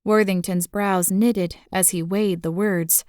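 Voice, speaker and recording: A woman reads a romantic suspense novel as a human audiobook narrator, in a steady, even storytelling voice. The recording is dry and close, with no room sound at all. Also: on the low side, a little slow, no room sound.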